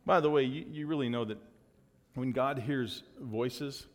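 Joking pastor in a big reverberant hall. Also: male voice, medium pitch, unhurried. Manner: joking, upbeat, loose with fillers. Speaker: pastor giving church announcements. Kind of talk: casual church announcements. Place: church sanctuary. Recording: long reverb of a large hall.

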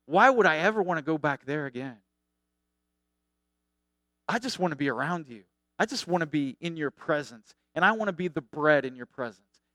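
A middle-aged male pastor delivering a lively, conversational sermon. His voice is smooth and resonant, pitched a bit high. It is recorded close and dry. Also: normal speed, long pauses, dry recording. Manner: animated, conversational, acts out quotes.

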